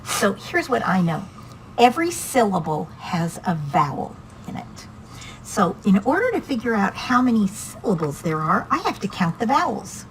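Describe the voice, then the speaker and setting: A woman's voice: medium pitch, big pitch swings, normal speed, a little hiss or hum, rough recording. A woman teaching reading one-on-one to a student, patient and encouraging, asking many questions.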